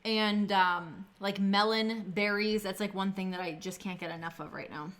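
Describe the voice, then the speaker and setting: A woman's voice: mid-range voice, fairly even intonation, normal speed, fairly bright tone. A woman streamer chatting casually with viewers while cooking in her home kitchen, answering chat and swearing freely.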